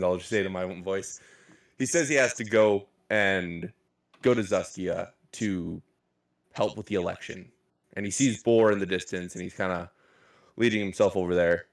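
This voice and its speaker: A man's voice: deep voice, fairly bright tone. A man narrating as game master in a casual, rambling way, swearing offhandedly. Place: live-streamed game session.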